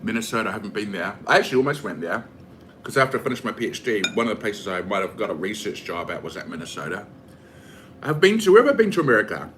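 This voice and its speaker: A man's voice: on the low side, sing-song, quick pace, fairly bright tone, slight background noise. A man with a New Zealand accent chatting casually and rambling with lots of fillers while he cooks for his vlog. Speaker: vlogger. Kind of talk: casual chat while cooking.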